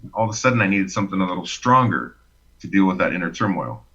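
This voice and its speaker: A man telling his personal story as a podcast guest, expressive and animated, acting out the quotes. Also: low-pitched, fast, breathy edge, muffled recording.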